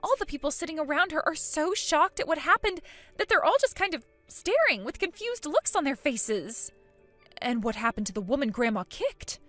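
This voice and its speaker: An eager teenage girl reports in a high, bouncing voice, as a woman puts her on. She sounds gossipy and breathless, her pitch rising and falling a lot. Faint music plays underneath. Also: very animated, normal speed, a bit bright. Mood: excited. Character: teenage granddaughter, excited and chatty.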